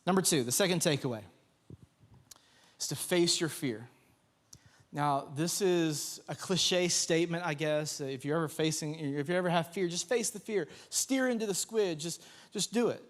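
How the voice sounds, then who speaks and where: Young guy pastor giving a sermon, kinda high voice, animated storytelling. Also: moderate pace. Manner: storytelling, animated, with laughs and shouted quotes. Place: church sanctuary.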